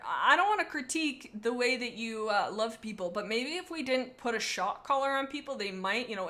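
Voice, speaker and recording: A woman's voice: medium pitch, pushed and bright. A woman reading fan fiction aloud as host, with goofy, playfully sarcastic asides. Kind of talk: comedic reading with commentary.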